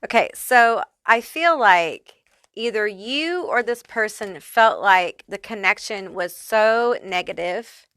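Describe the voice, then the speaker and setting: A woman's voice: medium pitch, lively intonation, slow, sharp tone, clear, resonant tone, dry recording, clean studio sound. A woman giving a casual pick-a-card tarot reading, chatty and loose, swearing freely and using lots of fillers. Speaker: tarot reader.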